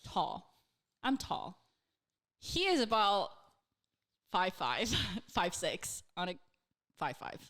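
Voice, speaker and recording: A woman in her twenties, a podcast co-host, telling a story in casual chat, animated and full of fillers and swearing. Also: on the low side, slow pace, pauses often.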